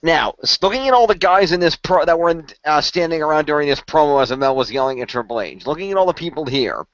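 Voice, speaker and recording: A man's voice: fairly high pitch, lively intonation, no echo. A man guest on a casual podcast chat, often restarting his sentences as he talks. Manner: stammering restarts, quick talker. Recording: dull, dry lo-fi podcast audio.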